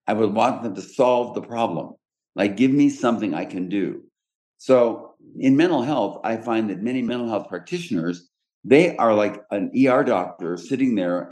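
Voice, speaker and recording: Direct-speaking lower-voiced male podcast host. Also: a little mellow. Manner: direct, explanatory, with frequent restarts. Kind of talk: casual podcast talk.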